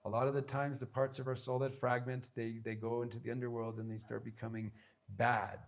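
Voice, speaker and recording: A man's voice: mid-range voice, little pitch movement, fairly quick. A man giving an instructional talk on spiritual practice, earnest and emphatic, with many repeated phrases. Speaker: spiritual teacher.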